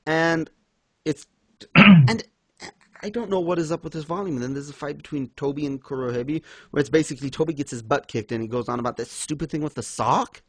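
A man's voice: fairly quick, no room sound. Young guy ranting about a comic, exasperated, dry sound no room. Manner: exasperated, ranting, acts out quotes in high mocking voices. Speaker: podcast co-host reviewing manga. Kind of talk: casual critical chat.

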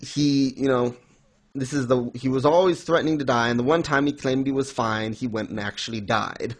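A man's voice: mid-range voice, normal speed. Rambling man recapping a story casually. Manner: rambling, filler-heavy storytelling with many restarts. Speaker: podcast host recapping an anime. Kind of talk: casual chat.

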